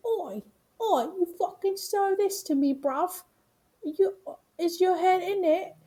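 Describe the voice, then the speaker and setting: A woman voicing a foul-mouthed, furious male chef, yelling insults. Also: extremely high pitch, slow pace, pitched above the performer's own voice.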